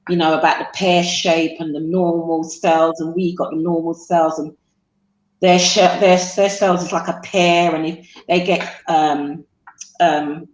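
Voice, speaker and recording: A middle-aged woman, a guest on a talk show, tells her son's story haltingly with many fillers. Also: low-pitched, little pitch movement. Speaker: guest, mother of a man with sickle cell. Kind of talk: emotional interview storytelling. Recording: roomy echo.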